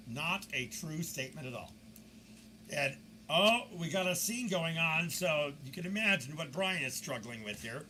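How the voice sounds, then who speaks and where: A man talks viewers through security camera footage, pointing things out as it plays. His voice sits a little high and swings widely as he tells the story with mocking asides. A steady hiss of background noise runs under the recording. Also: unhurried. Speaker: video commentator.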